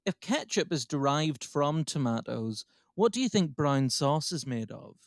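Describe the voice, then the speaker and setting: A man's voice: fairly high pitch, very animated, unhurried, dry recording, clean studio sound. A man with an Irish accent hosting a comedy podcast, asking playful questions and laughing often. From Ireland. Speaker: podcast host. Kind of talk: casual comedy chat.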